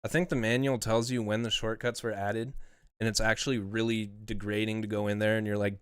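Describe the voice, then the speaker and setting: A man's voice: on the low side, level tone, fairly quick, clean tone, no echo, clean studio sound. A man streaming live as a mastering engineer, talking casually and rambling, swearing now and then.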